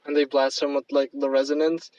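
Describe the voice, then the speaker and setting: A man's voice: medium pitch, level tone, brisk, a little mellow, no room sound, recorded from a distance, highs cut off. A man co-hosting a podcast, chatting casually about movies in a rambling way with many fillers. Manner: rambling, lots of fillers and laughs. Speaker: podcast co-host. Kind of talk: casual movie review chat.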